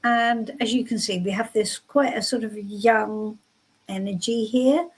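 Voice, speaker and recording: A woman's voice: fairly high pitch, fairly even intonation, measured pace, breathy edge, poor audio. A woman giving soothing, reassuring tarot readings on a live stream from home. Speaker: tarot reader.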